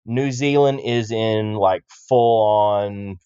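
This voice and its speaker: A man's voice: on the low side, takes it slowly, mellow, smooth, no room sound. Man on a dull lo-fi mic. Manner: jokey, teasing. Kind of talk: casual chat.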